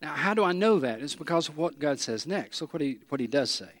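Male pastor, a bit high-pitched, conversational sermon delivery, big hall reverb. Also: animated, brisk, a bit bright. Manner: conversational preaching, voicing imagined prayers.

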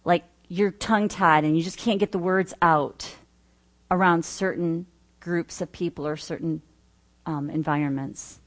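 A woman's voice: fairly low pitch, steady tone, a little slow. A middle-aged woman teaching earnestly, listing points with personal asides. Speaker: Bible study teacher. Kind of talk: teaching talk.

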